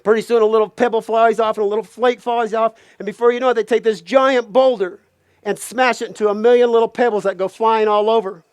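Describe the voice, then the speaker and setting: High-voiced guy telling an old folk tale, animated, playful asides. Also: fast talker, clean tone, no room sound. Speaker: storyteller.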